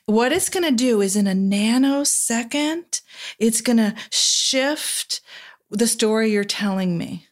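A woman, a therapist, talking through an idea in a relaxed podcast chat, now and then acting out quoted voices softly. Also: fairly high pitch, slow. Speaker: therapist guest. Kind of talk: casual podcast conversation.

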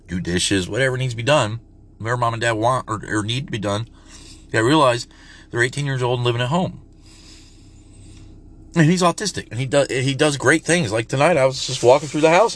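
A man's voice: fairly low pitch, a bit bright. A man in his forties rants bluntly and profanely while putting on a redneck drawl. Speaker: parent vlogger. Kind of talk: casual rant to camera.

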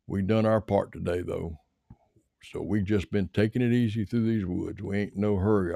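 A man's voice: low voice, creaky, mellow, dry recording, studio quality. A man voicing a weary, bearded Confederate soldier in a story, laconic with a folksy drawl.

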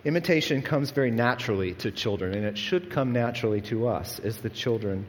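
A man's voice: mid-range voice, brisk, slight background noise. A man preaching a sermon as pastor, in an earnest, conversational way with frequent restarts. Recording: long echo of a large hall.

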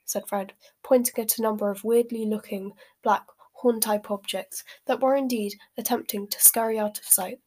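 A woman's voice: medium pitch, fairly even intonation, moderate pace, few pauses, warm tone. A woman reading a novel aloud as an amateur, apologising for her slips. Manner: apologetic, self-deprecating slips. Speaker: amateur reader.

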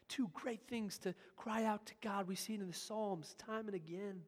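A pastor delivering a sermon with emphatic delivery, swinging between loud urgent passages and hushed asides. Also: mid-range voice, a little fast, few pauses. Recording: long hall reverb.

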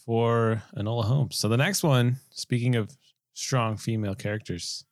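A man co-hosting a casual movie review podcast, jokey and animated. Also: medium pitch, normal speed, dry recording, clean studio sound. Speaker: podcast co-host.

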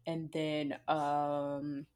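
A woman with a somewhat low voice chats casually as a podcast co-host. She gushes like a fan and fills her talk with "like.". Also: flat delivery, very slow, a little mellow. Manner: gushing fan talk, heavy use of "like". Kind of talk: casual chat.

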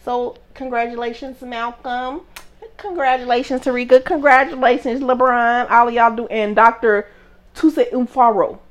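Woman, casual host, animated, emphatic, laughs often, fairly high voice. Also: normal speed. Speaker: podcast host. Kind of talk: casual chat.

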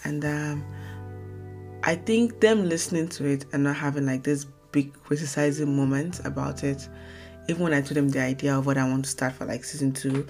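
Very deep-voiced young woman podcaster. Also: fairly even intonation, darkish tone, faint music behind. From Nigeria. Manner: fast, rambling, self-correcting. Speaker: podcast host. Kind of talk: casual solo podcast talk.

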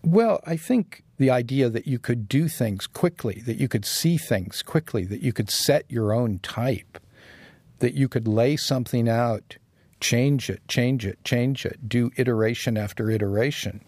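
A man's voice: medium pitch, measured pace, darkish tone, husky, dry recording. A man being interviewed as a designer, talking casually and reflectively and chuckling as he tells anecdotes. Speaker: guest designer.

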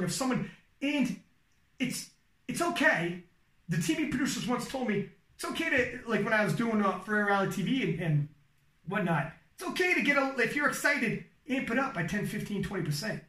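Animated high-voiced man, echoey room. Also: distant mic. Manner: animated, swearing, demonstrates hype commentary voice. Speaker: powerlifting commentator. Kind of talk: casual podcast chat giving advice.

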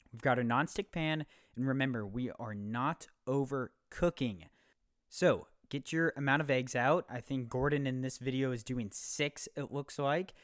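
A young man in his twenties hosts a casual podcast, rambling along in an upbeat, easygoing way. His voice sits at an ordinary pitch, and the sound is close and dry with no room echo. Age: 20s. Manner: loose, rambling, upbeat with filler words. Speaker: podcast host.

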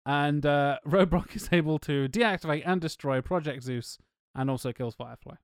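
A man's voice: on the high side, normal speed, clear, resonant tone, no echo, clean studio sound. A man co-hosting a casual film podcast, recapping the plot with sweary, sarcastic asides. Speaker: podcast co-host.

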